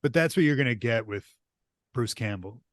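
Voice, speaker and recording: A man co-hosting a podcast, chatting casually about horror movies and chiming in with quick agreement. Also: mid-range voice, expressive, no room sound, studio quality. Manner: easygoing, agreeable, quick interjections. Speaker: podcast co-host.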